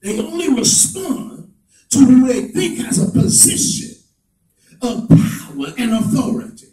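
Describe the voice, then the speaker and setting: Male pastor, high animated voice, shouting sermon cadence, distant mic in an echoey hall. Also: measured pace, a little hiss or hum. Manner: preaching in swelling shouts, then dropping to low asides; repetitive call-and-response cadence.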